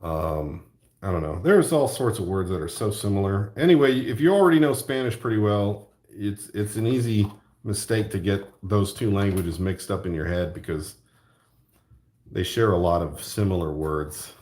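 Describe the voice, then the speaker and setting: A young man with a Southern US accent chats loosely on a livestream, talking in a lower-pitched voice. He rambles, stops to answer chat, and laughs along as he goes. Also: lively intonation, a little mellow. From American South. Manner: rambling, chatty, pauses to read chat, laughs often. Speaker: livestream host. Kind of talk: casual livestream chat while drawing.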